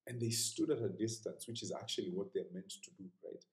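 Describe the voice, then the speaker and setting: A man preaching a sermon in an earnest, conversational way, at times sinking to a hushed whisper. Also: fairly low pitch, brisk, echoey room, rough recording.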